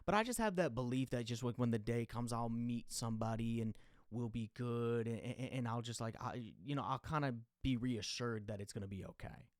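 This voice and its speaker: A man's voice: mid-range voice, brisk, no echo. Rambling young man, dry close sound. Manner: rambling, confessional, full of fillers and restarts; goes loud and exasperated when ranting. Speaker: podcast host. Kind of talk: casual monologue.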